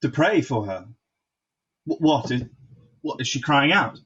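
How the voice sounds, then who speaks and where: A man playing a husky, grave king. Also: medium pitch, lively intonation, a bit bright, muffled recording, exaggerated voice. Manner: halting, with fillers and restarts. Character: grave king, commanding yet sorrowful. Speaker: stage actor. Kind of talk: Shakespearean stage acting.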